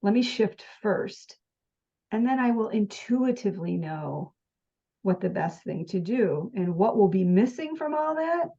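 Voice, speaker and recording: A woman's voice: medium pitch, lively intonation, unhurried, dark tone. A woman and spiritual teacher talking earnestly about her practice, sometimes acting out her own thoughts. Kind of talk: spiritual conversation. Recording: dull lo-fi sound.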